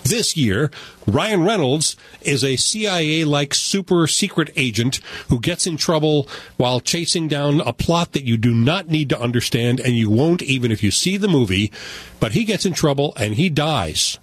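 A man talking about films with sarcasm and big swings in his voice. He sits a little high in pitch. His tone is slightly husky. The sound is dry and close. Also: moderate pace, dry recording. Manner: animated, sarcastic, jumps into voices. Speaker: film critic. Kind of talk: casual radio chat.

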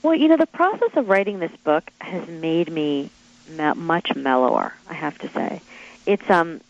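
A woman author being interviewed, telling stories in an animated, chatty way with quick asides and acted-out quotes. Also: deep voice, vocal fry, lo-fi sound. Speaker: author guest. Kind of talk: interview storytelling.

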